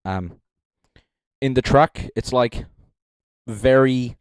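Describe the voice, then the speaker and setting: A man's voice: mid-range voice, takes it slowly, clean tone, dry recording. A young man giving casual, rambling live-stream commentary as a judge, joking between thoughts and speaking into a handheld mic. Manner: rambling, joking, filler-heavy. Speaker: livestream judge.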